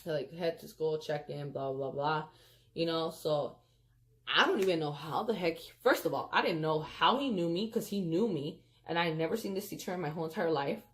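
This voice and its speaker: A woman with a notably low voice tells a storytime to her viewers, animated and emphatic. She keeps calling them "you guys" and fills her talk with "like" and "freaking," in a loose, chatty way. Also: brisk. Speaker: storyteller vlogger. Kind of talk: casual storytime vlog.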